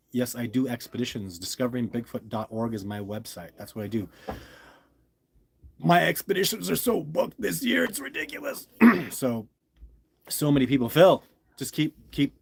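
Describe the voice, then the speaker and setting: A man's voice: mid-range voice, darkish tone. Rambling, upbeat man hosting a live stream. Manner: rambling, enthusiastic, talks straight to the viewer. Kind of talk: casual live-stream chat reading viewer comments. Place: at home with a dog nearby.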